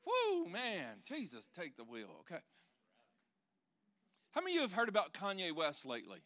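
A high-pitched man preaching to his congregation with lively swings between loud proclaiming and quiet, intimate moments. His tone is bright and forceful, and he throws in joking asides. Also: normal speed. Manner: animated, swings from loud to hushed. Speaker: pastor. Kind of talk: sermon.

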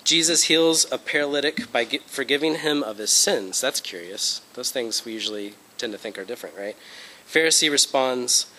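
Bright-voiced man teaching a Bible lesson. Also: medium pitch, moderate pace, low-quality recording. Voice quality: conversational, frequent fillers and check-ins. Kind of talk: informal lecture presentation.

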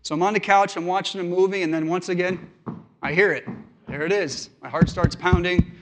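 A man's voice: sits high, steady tone, a little fast, background noise. A male pastor giving a sermon, telling stories from his family life in an earnest, conversational way.

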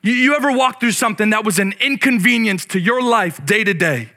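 High bright-voiced preacher. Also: male voice, fairly quick. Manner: swings from loud exclaiming to low hushed reflection; restarts words, conversational preaching. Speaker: pastor. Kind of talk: sermon.

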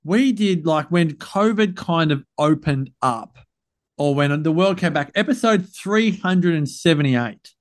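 A man's voice: fairly high pitch, lively intonation, a little slow. A man hosting a podcast in a chatty, upbeat, loose way. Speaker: podcast host. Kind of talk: casual podcast chat.

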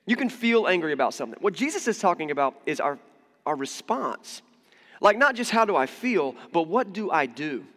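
A man preaching a sermon in a relaxed, conversational way, mixing humor and asides into his teaching, recorded in a church sanctuary. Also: a little high, normal speed, big-room sound. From United States. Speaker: pastor.

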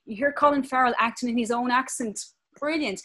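Animated Irish woman, fairly high voice. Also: fairly quick. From Ireland. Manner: animated and passionate. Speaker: interview guest, actress. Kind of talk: conversational interview.

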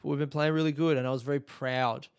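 An Australian man in his thirties tells a rambling, sweary story on his comedy podcast and pokes fun at himself as he goes. His voice is smooth and resonant and sits in a middle register. The recording is dry and close, with no room sound. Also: mid-range voice, fast, no room sound. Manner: animated, sweary, self-mocking. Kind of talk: casual storytelling monologue.

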